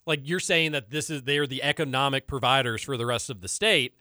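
A man co-hosts a talk radio show, quick and opinionated, often repeating words for emphasis. His voice is bright and sits at a middle pitch. The sound is close and dry. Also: dry recording. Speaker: co-host of a radio sports and politics show. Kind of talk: casual talk-radio banter.

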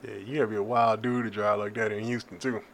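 A man's voice: on the low side, flat delivery, fast, gravelly, a bit bright, slight background noise. A man, co-hosting a casual podcast chat and telling stories in a loose, profane way. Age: 30s. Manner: loose, profane storytelling with lots of laughter. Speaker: podcast co-host.

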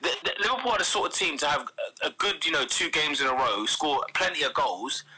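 A man's voice: on the high side, expressive, fast, sharp tone, rough recording. A man on a casual football podcast. He hesitates and repeats words, then runs on with his predictions. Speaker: podcast co-host.

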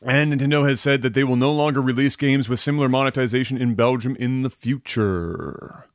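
A man hosting a gaming podcast, relaxed and chatty, reading news with many fillers. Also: medium pitch, brisk, dry recording, studio quality. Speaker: podcast host. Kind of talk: casual chat, reading news.

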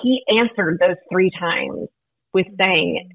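A woman's voice: medium pitch, slow pace. A woman guest in a faith-based podcast conversation, talking in an earnest, reflective, storytelling way over a call line. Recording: tinny phone line.

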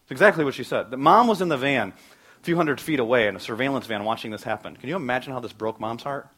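A male pastor preaching in a conversational way, his pitch sitting in the middle of the range for a man. He speaks from the pulpit of a church and drops into quoted voices to act out his stories. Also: quick pace, fairly bright tone, breathy edge. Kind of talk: sermon.

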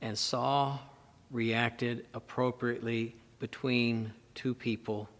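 Slow, emphatic male pastor preaching. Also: mid-range voice, level tone, big-room sound. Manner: emphatic, repeats words for stress. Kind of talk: sermon.

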